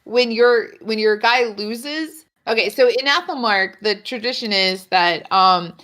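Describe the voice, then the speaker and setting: A woman in casual chat, telling animated stories, acting out quoted lines, swearing and laughing often. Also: a little high, a little slow. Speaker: podcast guest.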